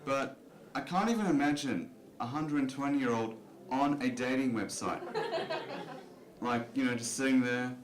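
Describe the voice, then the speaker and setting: On a club stage, a man performs a stand-up set in a loose, self-deprecating style, filling it with "you know." His voice is medium-pitched at a normal speed, a crowd can be heard behind him, and the recording sounds roomy.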